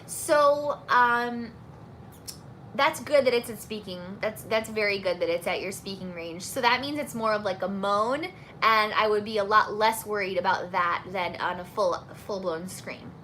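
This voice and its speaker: A woman's voice: medium pitch, measured pace, bright, forceful tone, slight background noise. A young woman singing teacher chatting casually while answering viewer questions, friendly and full of fillers. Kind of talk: casual live Q&A chat.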